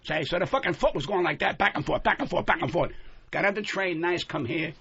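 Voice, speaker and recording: An older man, a comedian guest on a radio show, ranting loudly with constant swearing and yelling. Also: on the high side, quick pace, gravelly, slightly rough. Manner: loud profane yelling rant. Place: radio studio. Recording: dull lo-fi radio broadcast with faint hiss.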